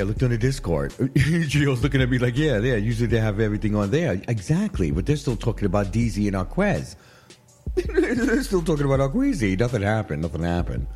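A man's voice: on the low side, darkish tone, husky. A man hosting a casual gossip chat in a studio, rambling, laughing often and repeating "you know what I mean". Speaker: show host. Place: studio with guests. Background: faint music.

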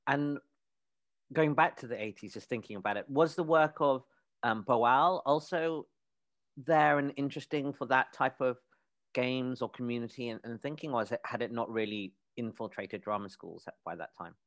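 A man's voice: mid-range voice, moderate pace, a bit bright, no room sound. A man interviewing a guest, asking long, winding questions.

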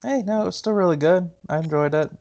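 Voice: mid-range voice, fast talker, a little mellow, dull audio. A podcast co-host in casual chat, tossing in dry, joking comments. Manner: dry wisecracking interjections.

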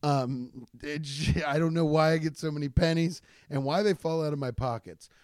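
A man's voice: on the high side, moderate pace, a little mellow, clean tone, dry recording, studio quality. A man, a stand-up comedian, telling rambling, profane stories in a casual chat with many restarts. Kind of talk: casual storytelling podcast.

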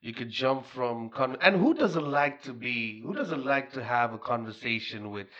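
A man hosting a podcast in casual chat, animated and slangy, rambling with restarts. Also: medium pitch, moderate pace, lo-fi sound. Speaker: podcast host.

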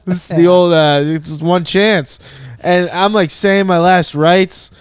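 A man's voice: sits high, slow, clear, resonant tone, dry recording, clean studio sound. A man co-hosting a podcast, telling a story in casual chat, acting out the voices of the people in it and laughing often. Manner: animated, acts out quoted voices, laughs often. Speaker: podcast co-host.

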